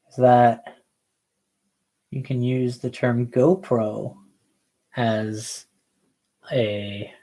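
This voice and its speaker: Slow, rambling laid-back young man. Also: medium pitch, a little mellow. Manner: slow, meandering, laid-back with slangy asides. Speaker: model painting streamer. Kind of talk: rambling casual chat while painting.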